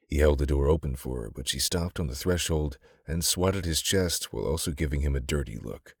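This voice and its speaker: A man narrating a romance audiobook in a steady, intimate storytelling manner, recorded close on a studio mic. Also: very deep voice, brisk, vocal fry, hardly any pauses, husky, no echo. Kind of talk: scripted narration.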